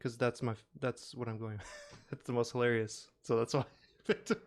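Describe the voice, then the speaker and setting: A man's voice: mid-range voice, little pitch movement, normal speed. A man co-hosting a casual podcast, laughing often as he chats. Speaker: podcast co-host. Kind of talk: casual chat.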